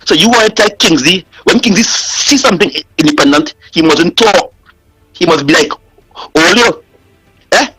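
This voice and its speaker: A man's voice: sits high, expressive, moderate pace, sharp tone, slightly rough, no echo, soft background music, poor audio. Impassioned man calling radio. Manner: impassioned, repetitive rhetorical questions. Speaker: caller. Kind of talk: call-in radio rant.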